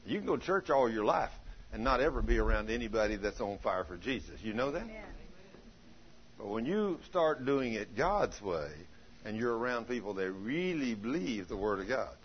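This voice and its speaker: An older man, a pastor telling a story in a sermon, folksy, rising to loud emphatic peaks. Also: mid-range voice, sing-song, moderate pace. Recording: dull lo-fi sound.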